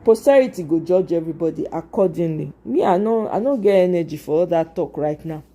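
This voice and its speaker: A woman's voice: on the low side, lively intonation, fairly quick, warm tone. Nigerian woman ranting at her livestream chat. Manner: talks back to chat, exasperated. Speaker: livestream host. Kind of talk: casual livestream commentary.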